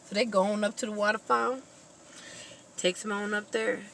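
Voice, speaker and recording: A woman vlogger recaps a film plot in a casual, animated way and reacts with strong feeling as she goes. Her voice is bright and ringing, at a middle pitch. Faint ambient noise sits behind her. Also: normal speed, creaky, long pauses, low-quality recording. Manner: animated, expressive storytelling. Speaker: vlogger reviewing a movie.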